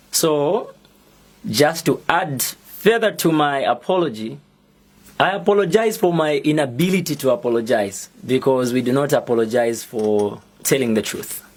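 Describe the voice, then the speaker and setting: Slow, defiant Zambian man. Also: a little high. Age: young adult. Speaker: activist. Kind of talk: prepared public statement.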